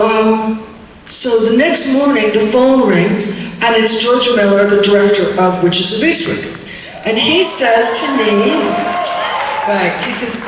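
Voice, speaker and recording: A woman tells candid, rambling, self-mocking stories from a concert stage. She is heard from far off in the audience, her voice washed in a long hall reverb. The crowd murmur sits clearly behind her. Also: on the high side. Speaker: singer performing on stage. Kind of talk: comic stage monologue. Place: large concert venue, indoors. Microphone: recorded from the audience, far from the stage. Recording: distant, echoey arena recording with crowd noise.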